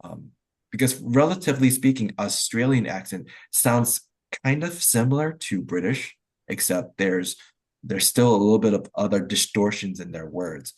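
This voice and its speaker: A man with a low, husky voice hosts a casual group video call, chatting loosely. He keeps stopping to restart his sentences and fills the gaps with "um" and "like.". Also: moderate pace. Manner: relaxed, hesitant, many fillers and restarts. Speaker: host of an online English conversation club.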